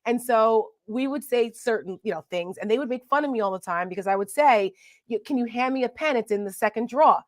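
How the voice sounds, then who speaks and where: East Coast woman host, Jersey accent, animated, dry upfront voice. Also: fairly high pitch, brisk, no echo. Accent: New Jersey. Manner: animated, indignant storytelling. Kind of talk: casual political chat.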